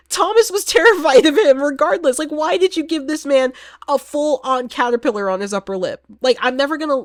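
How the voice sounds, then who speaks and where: A chatty woman speaks in a casual vlog review of a horror film. Her voice sits a little high, and she keeps the delivery animated and loose, laughing often. The sound is close and dry, with no room echo.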